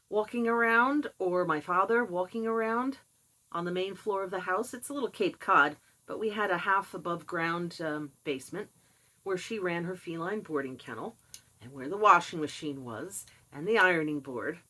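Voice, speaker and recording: An older woman talks candidly into the camera, recounting personal memories in a casual, unscripted way. Her voice sits a little low yet comes across bright and forceful, with lively asides. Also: normal speed, low-quality recording. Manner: candid, animated, some sighing and laughing asides. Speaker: vlogger sharing personal experience.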